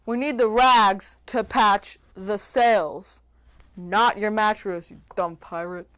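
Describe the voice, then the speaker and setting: Woman, scornful bossy pirate, measured pace. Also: mid-range voice, fairly even intonation, a bit bright, clean tone. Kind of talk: improvised pirate comedy skit.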